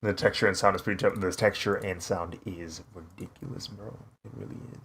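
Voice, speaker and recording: A man's voice: low-pitched, fairly even intonation, a little fast, creaky, a bit bright, slight background noise. Laid-back young man chatting on stream. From United States. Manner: laid-back, laughs often, says "bro". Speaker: streaming artist. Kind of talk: casual chat while drawing on stream.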